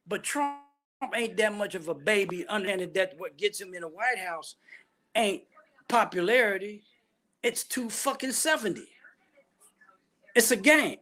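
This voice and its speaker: A man's voice: high voice, a bit bright. A man ranting bluntly and profanely about politics, full of heavy slang. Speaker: vlogger giving opinions.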